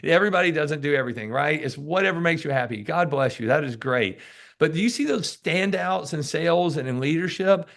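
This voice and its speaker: A fairly high-pitched, brisk male voice with vocal fry, belonging to a sales author appearing as a podcast guest. In a casual interview he tells emphatic stories, acting out what people say to him. He's an animated, preachy storyteller who keeps repeating key words.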